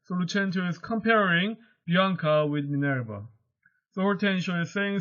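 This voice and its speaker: A male teacher whose first language is Korean explains a play in English, paraphrasing each quoted line in simple words and going higher when he reads lines aloud. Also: expressive, moderate pace, fairly bright tone. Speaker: high school English teacher. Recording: dull lo-fi recording.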